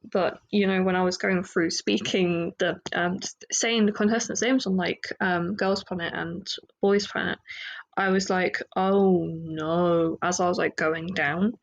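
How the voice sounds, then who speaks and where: A woman's voice: fairly low pitch, fairly even intonation, normal speed, vocal fry, highs cut off. A woman with an English accent hosting a solo podcast, chatting casually in a rambling, self-deprecating way with lots of fillers. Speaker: podcast host.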